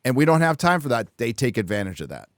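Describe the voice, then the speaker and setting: A man's voice: mid-range voice, sing-song, fast, no echo, studio quality. Blunt, profane man hosting a show. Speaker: host. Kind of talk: casual political talk on a live show.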